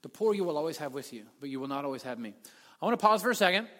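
A man preaching a sermon as a pastor, telling the story with animated delivery and acting out the voices he quotes. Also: on the high side, very fast. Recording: long hall reverb.

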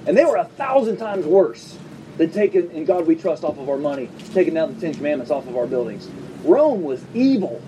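High-voiced man preaching conversationally. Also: big pitch swings, far from the mic, noisy background. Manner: conversational preaching with quick asides and humor. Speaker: pastor. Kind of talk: sermon. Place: church service before a congregation.

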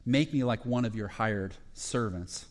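A man preaching a sermon, retelling parables in short phrases with fillers and restarts and growing excited at the high points. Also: a little slow. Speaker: pastor.

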